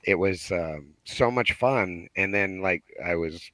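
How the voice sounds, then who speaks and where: A man with a cold, talking hoarsely as a guest on a podcast call, chatty, laughing and restarting often. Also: low-pitched, a little slow, a bit bright, no room sound, low-quality recording. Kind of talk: casual chat. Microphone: video call.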